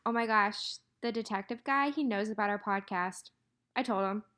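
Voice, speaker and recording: A woman's voice: medium pitch, normal speed, heavy background noise. A young woman with a North Carolina accent, chatting animatedly as a podcast co-host and telling stories about her week. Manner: chatty, animated storytelling with frequent laughs. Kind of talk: casual chat.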